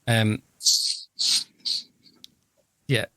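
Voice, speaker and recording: A man's voice: extremely slow, dry recording. A man, hosting a podcast in a casual, rambling, self-deprecating, jokey way. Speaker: podcast host. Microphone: podcast microphone.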